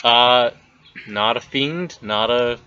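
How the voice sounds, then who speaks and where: A man's voice: medium pitch, slow pace, pushed and bright. A man running a tabletop game as game master, explaining rulings casually and laughing between them. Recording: dull lo-fi recording.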